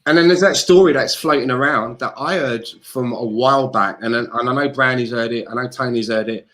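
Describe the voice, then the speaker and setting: A man's voice: medium pitch, brisk. Sweary man ranting casually. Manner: animated and sweary, mimics others in quotes. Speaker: podcast co-host. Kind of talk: casual football chat.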